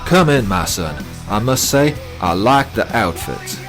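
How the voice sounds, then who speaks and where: A man's voice: on the low side, very animated, measured pace, music in the background. A man voicing a fat, cheerful, drunk man with a Southern American drawl, bellowing his words. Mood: jovial.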